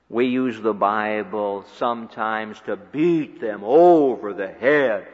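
A man preaching a sermon, swinging from loud emphatic peaks to quiet low asides. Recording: dull recording with long hall reverb.

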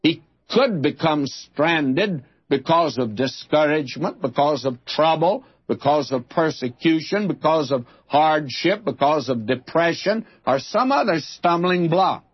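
A male Bible teacher preaching verse by verse in a slow, husky voice. His pitch rises and falls a lot as he stresses and repeats key phrases. The sound is dull and lo-fi, like an old broadcast tape. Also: expressive.

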